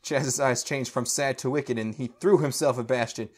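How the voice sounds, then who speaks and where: Reading fan fiction on a podcast, a male co-host uses a mid-range, slightly rough voice with fairly even intonation and normal speed. He trips over awkward lines and keeps breaking into laughter during the mock-serious performance.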